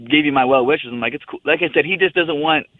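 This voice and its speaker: Over a tinny phone line, a young male fighter rambles easily through a story in a relaxed call-in interview. He talks quickly in a fairly high voice, with no room sound.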